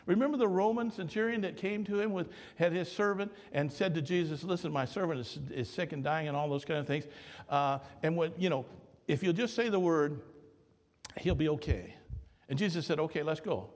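A man's voice: on the high side, a little fast, long reverb tail. A male pastor preaching conversationally, asking the congregation questions and retelling stories in dialogue. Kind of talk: sermon.

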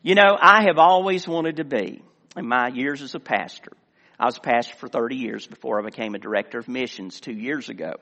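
A middle-aged man, a former pastor, preaching a sermon with earnest emphasis that swells and then drops to quiet asides. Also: fairly high pitch, fairly quick. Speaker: director of missions, former pastor. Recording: long hall reverb.

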